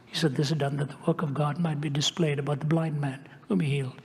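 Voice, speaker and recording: An older man telling a story in a sermon, dropping at times to a hushed whisper. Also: on the high side, flat delivery, fast talker, creaky, hardly any pauses, big-room sound, a little hiss or hum. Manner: dramatic shifts to a hushed whisper. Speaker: preacher.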